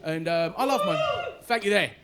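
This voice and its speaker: A man in his forties with a London Cockney accent doing a stand-up set on a club stage, his voice pitched high. He talks in a punchy, chatty way and keeps tagging his lines with "right?". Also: wildly swooping pitch, moderate pace, heavy background noise. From East London, England. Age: 40s. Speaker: stand-up comedian.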